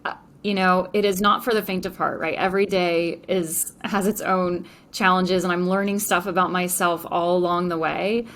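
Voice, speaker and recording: A woman's voice: on the low side, fairly even intonation, normal speed, a bit bright. A woman entrepreneur speaking as a podcast guest, enthusiastic and chatty, with frequent fillers. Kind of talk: podcast interview.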